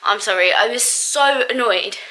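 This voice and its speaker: A woman chats to camera and vents about her day, with plenty of fillers and bursts of laughter. Her voice sits high and has a bright, sharp edge. She sounds exasperated and talkative throughout. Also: normal speed. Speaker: vlogger. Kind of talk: casual storytelling to camera.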